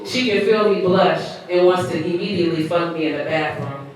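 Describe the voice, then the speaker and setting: A woman poet performing a live reading of her own poetry, with a slow, sensual delivery, heard from far off in an echoey room. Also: fairly low pitch, fairly even intonation, background noise.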